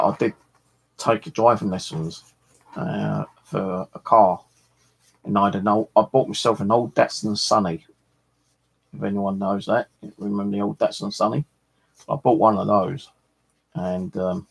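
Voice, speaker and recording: A middle-aged man talks in a deep, gravelly voice with a husky edge. He rambles in a loose, chatty way and swears freely as he tells his stories. He sounds like the relaxed host of a fishing vlog. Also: poor audio. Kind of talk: rambling casual chat.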